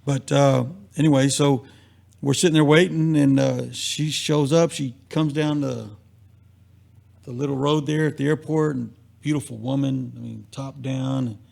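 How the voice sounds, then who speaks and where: A man's voice: mid-range voice, steady tone, measured pace, gravelly, darkish tone. A man on a live talk stream, telling a long casual anecdote and acting out the quotes, rambling and repeating himself. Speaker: guest. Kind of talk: casual storytelling.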